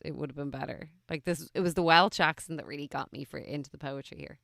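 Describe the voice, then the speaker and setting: Blunt, wry podcast co-host, woman, very low and gravelly, dry close mic. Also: fairly bright tone, no echo. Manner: blunt, quick with wry one-liners. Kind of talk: casual chat.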